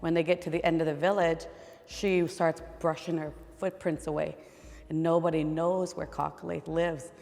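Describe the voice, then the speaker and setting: A woman's voice: sits low, little pitch movement, normal speed, vocal fry, darkish tone, long reverb tail. A woman telling a legend gives the voice of a resourceful young boy carver who urgently takes charge of the other children.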